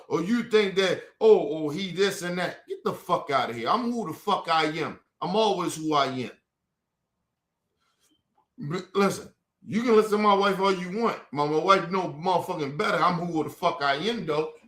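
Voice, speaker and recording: A man's voice: high-pitched, pushed and bright, reverberant. Heated, profane man ranting. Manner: heated, profane, repetitive outbursts. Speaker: man venting at family. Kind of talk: angry personal rant.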